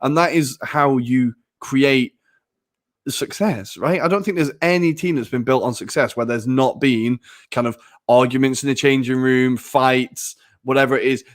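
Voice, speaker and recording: A man co-hosts a casual football podcast at a mid-range pitch. He is chatty, uses plenty of fillers, and pokes fun at himself. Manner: chatty, self-mocking, many fillers. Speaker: podcast co-host.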